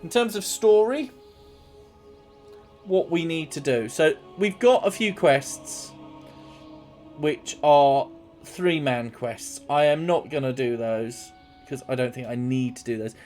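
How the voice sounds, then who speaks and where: A man's voice: a little high, takes it slowly, a little mellow, soft background music. A man giving casual, rambling gameplay commentary as a streamer. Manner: rambling, chatty, self-mocking.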